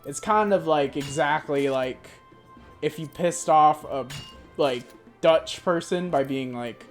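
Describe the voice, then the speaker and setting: A young woman streamer chatting casually in a rambling, animated way, swearing freely. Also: sits low, slow, faint music behind. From United States. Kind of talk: casual chat.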